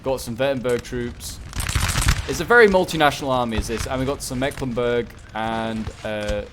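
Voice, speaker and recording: A man giving chatty, excitable, rambling commentary on a game battle. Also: mid-range voice, normal speed. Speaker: gaming channel host. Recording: gunfire and battle sounds over voice. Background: game gunfire and battle noise.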